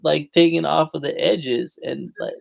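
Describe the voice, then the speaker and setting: A man's voice: fairly high pitch, measured pace, vocal fry. A man co-hosting a wrestling podcast, chatting casually and rambling with lots of fillers and restarts. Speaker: podcast co-host. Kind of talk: casual chat.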